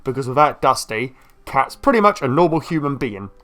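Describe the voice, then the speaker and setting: A man's voice: mid-range voice, big pitch swings, a bit bright, faint music behind. Chatty man narrating his gameplay. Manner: chatty, quick and self-deprecating. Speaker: gameplay video creator. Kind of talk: let's play commentary.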